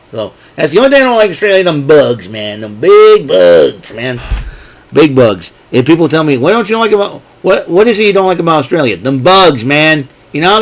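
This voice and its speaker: A man's voice: medium pitch, poor audio. Rambling man recapping wrestling. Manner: rambling, chatty, with frequent fillers and asides. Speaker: show host. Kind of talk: casual solo wrestling recap.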